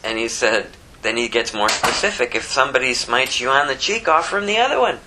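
A woman preaching a sermon with emphatic rhetorical questions and wide swings in pitch. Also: lively intonation, a little fast, pushed and bright, slight background noise, poor audio.

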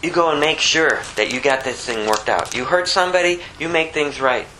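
A man giving an informal sermon, talking conversationally and acting out the people in his stories, climbing high when he stresses a point. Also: bright, forceful tone, a little hiss or hum, poor audio. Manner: conversational, plays out the story characters in quick voices. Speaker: preacher.

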